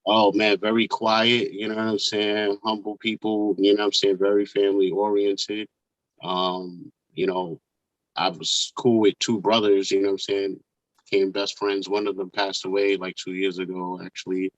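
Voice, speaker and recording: Co-host: low, relaxed man, dry muffled lo-fi audio. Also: normal speed, dry recording. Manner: laid-back, heavy on filler phrases. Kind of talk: casual conversation.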